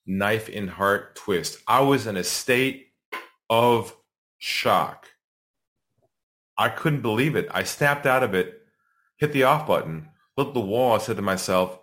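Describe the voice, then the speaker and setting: Here the middle-aged sales trainer's voice sits lowish and his pace is measured. As a podcast guest he still tells his story animatedly, acting out quotes to heighten the suspense.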